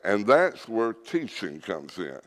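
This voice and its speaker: A man delivers a sermon with a lively, rising and falling pitch. He speaks slowly and deliberately, stressing his points. His voice rings with the long reverb of a church hall. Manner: earnest, emphatic teaching with scripture readings. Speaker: preacher.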